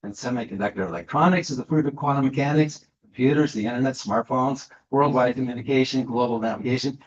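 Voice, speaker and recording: A man's voice: medium pitch, fast talker. A man giving a lecture to an audience, talking with many fillers and restarts. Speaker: guest speaker. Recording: echoey room, slightly dull sound.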